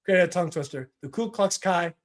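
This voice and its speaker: Man, live stream host, match watch-along, profane, ranting, fairly high voice. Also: brisk.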